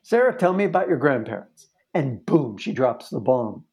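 A gravelly, darkish male voice in the mid range, swinging widely in pitch at a moderate pace. The speaker, a therapist, narrates a case in conversation, earnest and vivid, often starting his sentences over.

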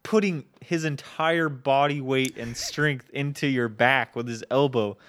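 Slow-talking man, laughing through a story. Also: medium pitch, a bit bright. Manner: unhurried, laughs while retelling. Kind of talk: casual storytelling chat.

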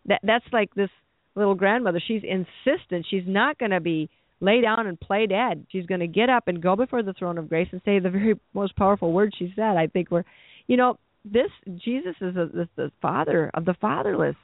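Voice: medium pitch, a little fast, creaky, dry recording. A preacher giving an earnest sermon, often repeating and restarting phrases as the thought builds. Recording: tinny phone-like dry recording.

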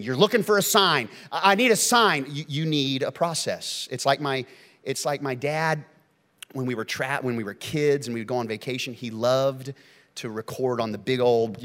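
A man preaching a sermon as pastor, telling stories with lively swings between loud and hushed delivery. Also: mid-range voice. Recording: long reverb of a church hall.

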